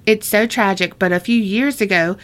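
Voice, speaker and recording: Woman, podcast co-host, casual chat, reads listener stories, laughs often, medium pitch. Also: normal speed.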